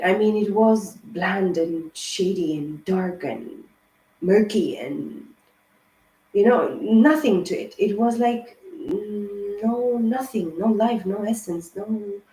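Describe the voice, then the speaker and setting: Woman tarot reader, casual rambling monologue, emphatic and profane, mellow tone, echoey room. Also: medium pitch, slow pace. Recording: roomy echo.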